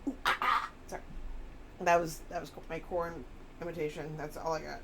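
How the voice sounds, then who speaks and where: A woman's voice: deep voice, level tone, moderate pace, creaky, slight background noise. A woman chatting casually on a live stream, rambling and reading chat messages aloud.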